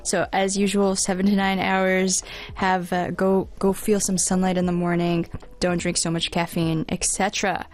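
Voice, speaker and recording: A woman's voice: fairly low pitch, level tone, moderate pace. A woman co-hosting a casual talk show, chatty and upbeat, laughing often. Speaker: podcast co-host. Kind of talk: casual chat.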